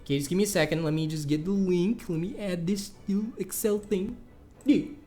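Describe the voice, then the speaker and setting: An excitable man with a fairly high voice gives casual gameplay guide commentary. He rambles, swears freely and trips over repeated words, with faint background music behind him. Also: fairly quick. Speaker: gaming YouTuber.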